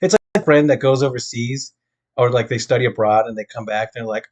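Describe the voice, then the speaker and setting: A young man talks in a loose, rambling way, drifting from thought to thought and laughing easily. His pitch sits at an ordinary middle level. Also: a little fast, darkish tone. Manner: chatty, rambling, laughs often. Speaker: podcast co-host. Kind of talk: casual chat.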